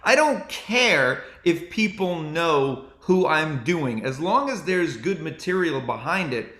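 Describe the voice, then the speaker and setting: A male comedian chatting casually and telling animated stories. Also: on the high side, takes it slowly. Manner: animated storytelling. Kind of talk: casual chat. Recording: roomy echo.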